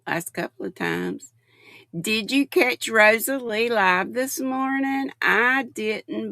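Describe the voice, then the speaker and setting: A woman's voice: medium pitch, very animated, slow, gravelly, bright, forceful tone, dry recording. A woman in her sixties hosting a casual livestream, chatting affectionately and reading viewer comments aloud. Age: 60s. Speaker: livestream host.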